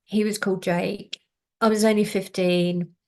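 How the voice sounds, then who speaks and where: Woman, middle-aged, gravelly, animated storytelling, video call guest. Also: medium pitch, measured pace. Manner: animated storyteller, acts out quoted voices. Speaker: guest, canine healer. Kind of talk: storytelling interview answer.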